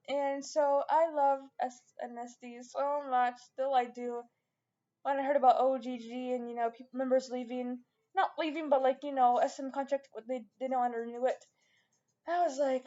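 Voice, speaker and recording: A woman's voice: high voice, mellow, muffled recording. A woman vlogger chatting casually and rambling, with lots of fillers and restarts. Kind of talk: casual chat to camera.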